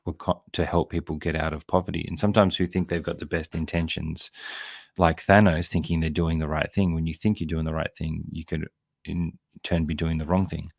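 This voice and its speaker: A man's voice: sits low, gravelly, a little mellow, dry recording. A man hosting a casual live film chat, chatty and joking, reading viewer comments aloud. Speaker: host. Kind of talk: casual chat about films.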